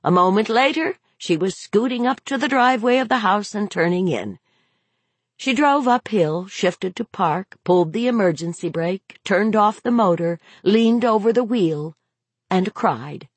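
A woman's voice: medium pitch, expressive, unhurried, slightly rough, no room sound. A woman narrating a novel aloud in a dramatic, varied delivery. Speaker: audiobook narrator.

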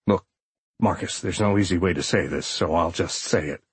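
A grave agent supervisor, voiced by a male narrator, speaks low and quiet with a husky edge. He sounds hesitant and subdued throughout. The recording is close and dry. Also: normal speed, no room sound.

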